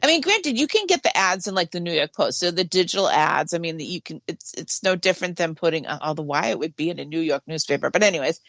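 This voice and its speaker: A woman's voice: fairly low pitch, lively intonation, fast talker, creaky, hardly any pauses, fairly bright tone, no echo. A woman, co-hosting a talk radio show, explaining at length and laughing easily. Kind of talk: casual talk radio chat.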